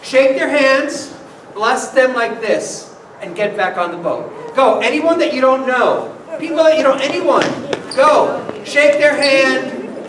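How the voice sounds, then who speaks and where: A priest telling a playful children's story in church and coaxing the kids with questions. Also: male voice, very high-pitched, fairly bright tone. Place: church sanctuary. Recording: echoey church from far off, noisy.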